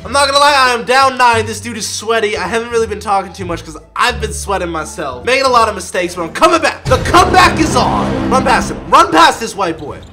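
A young man commentating his own basketball video game play, excitable and yelling at his players, then dropping to a mutter. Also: sits high, brisk, few pauses, over music. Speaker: gaming video creator. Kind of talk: live gameplay commentary.

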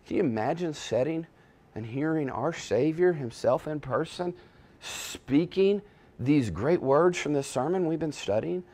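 A man preaching a sermon as pastor, swinging between hushed and loud, emphatic passages, often restarting his words. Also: fairly high pitch, lively intonation, measured pace. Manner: frequent self-restarts and repetitions.

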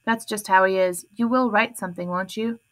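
A woman's voice: medium pitch, steady tone, fairly quick, natural voice. A woman reading as an earnest, bossy teenage girl who edits the school paper, speaking firmly and encouragingly. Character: teen girl newspaper editor, earnest, bossy.

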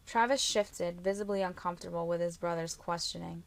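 Low-voiced woman reading a novel. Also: fairly even intonation, a little fast, creaky, no echo. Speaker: audiobook narrator. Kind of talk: first-person novel narration.

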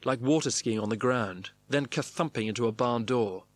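A man's voice: medium pitch, moderate pace, few pauses, no room sound. Man reading a wry diary. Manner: clipped, wry diary-style phrasing. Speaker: narrator. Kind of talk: reading a memoir diary aloud.

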